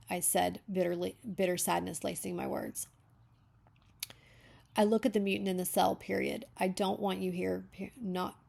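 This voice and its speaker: A woman's voice: medium pitch, gravelly, a little mellow. A woman reading a story aloud as a beta reader, breaking off to comment on the writing.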